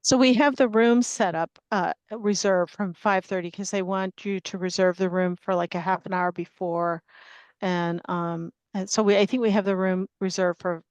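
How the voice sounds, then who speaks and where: A sick, worn-out woman runs a remote public meeting on a video call. Her voice stays smooth and clear in a dry, close sound, but she hesitates, restarts and fills gaps with ums as she reads the formal opening. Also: mid-range voice, steady tone, a little mellow, no echo. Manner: halting, with frequent fillers and restarts. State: sick and tired.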